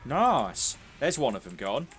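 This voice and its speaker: A man's voice: medium pitch, big pitch swings, measured pace, fairly bright tone. A young man talks through a game he is streaming, chatting casually, joking, and swearing freely. His voice sits in a middle register. Faint music and keyboard clicks play behind him. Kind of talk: casual gameplay commentary.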